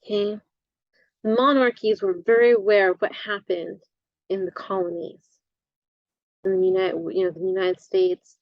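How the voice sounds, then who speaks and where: A woman instructor giving a recorded lecture, halting often with fillers and correcting herself as she goes. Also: mid-range voice, steady tone, no echo, muffled recording.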